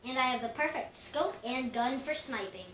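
A woman's voice: sits high, normal speed, a bit bright. A woman casually commenting on her own gameplay, chatty and giggly, talking to herself as she plays. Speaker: gaming vlogger. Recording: echoey room, distant mic, noisy.

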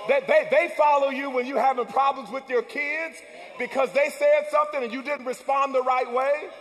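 High-voiced preaching pastor in a reverberant hall. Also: male voice, steady tone, normal speed. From United States. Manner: call-and-response preaching, rising to shouts. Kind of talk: sermon. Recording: long church hall reverb.

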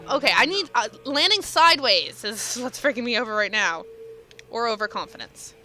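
Young woman let's player, high bright voice, self-mocking and teasing, faint game music. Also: animated, normal speed.

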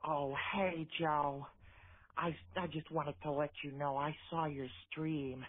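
A Finnish man leaving a quiet, drawling voice message in a put-on Midwestern American accent. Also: on the high side, fairly even intonation, slow pace. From Finland. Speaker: caller in a played voice message. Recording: dull lo-fi phone message.

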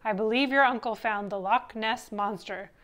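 A woman voicing a brisk, helpful librarian in a storybook reading. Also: on the high side, fairly bright tone, lightly acted. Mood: earnest.

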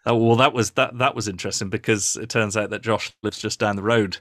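A man being interviewed, chatting modestly and warmly about his videos, with lots of restarts. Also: fairly low pitch, fairly even intonation, fairly quick, no echo, clean studio sound. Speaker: guest, YouTube reviewer. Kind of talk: casual interview chat.

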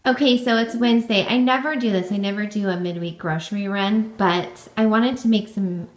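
A woman's voice: mid-range voice, fairly even intonation, normal speed. A young woman filming a family vlog, chatting casually and upbeat, with plenty of "like" and "um". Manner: chatty and upbeat, often saying "like" and "um". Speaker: family vlogger.

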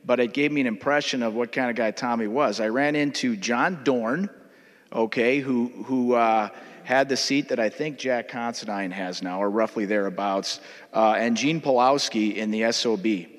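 A man from Minnesota with a Minnesotan accent, a state legislator telling a personal story in a memorial floor speech. His talk is conversational and halting, full of uh fillers. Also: mid-range voice. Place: legislative chamber. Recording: long reverb of a large chamber.

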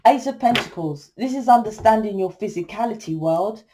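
Speaking briskly and with animation, a middle-aged woman delivers a casual tarot reading in a mellow, medium-pitched voice. She works as a tarot reader and spiritual coach, swears without restraint, and takes a blunt, salesy approach. Slight background noise is audible.

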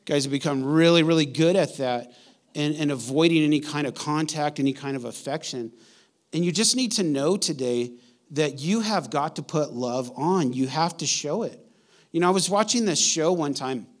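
A man in his forties preaching a sermon as pastor, in an animated, conversational storytelling way. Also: a little high, moderate pace.

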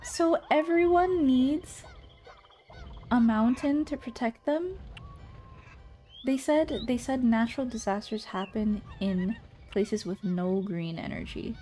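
A woman VTuber streaming a game, reacting in excitable, panicky bursts with repeated shouts and frequent swearing. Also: on the high side, slow pace. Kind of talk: casual live gameplay commentary.

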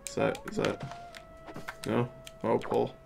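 A man's voice: mid-range voice, monotone, a little slow, vocal fry. A man casually thinking aloud and joking while playing a video game. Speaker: let's play host. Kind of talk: casual gameplay commentary.

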